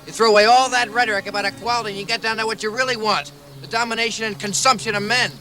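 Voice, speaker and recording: An actor playing a whiny, smug, cowardly chauvinist jungle guide in a comedy film, with music in the soundtrack. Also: male voice, high-pitched, steady tone, very fast, natural voice.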